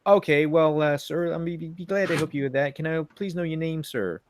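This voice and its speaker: A man's voice: a little high, brisk, a little hiss or hum, voice pushed up, close to an everyday voice. A man putting on an over-courteous American male service clerk who keeps calling people sir. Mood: overly polite.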